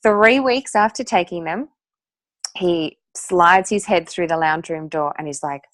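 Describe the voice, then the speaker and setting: A woman's voice: on the low side, a little slow, a bit bright, no echo. A woman, telling her personal story to an audience in a chatty, emphatic way. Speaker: guest speaker sharing a testimonial.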